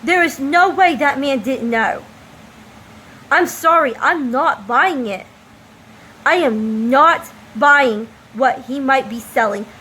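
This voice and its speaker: Vlogger woman, high voice, slow deliberate delivery, faint room ambience behind. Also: lively intonation, pushed and bright, a little hiss or hum, low-quality recording. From United States. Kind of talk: opinion monologue to camera.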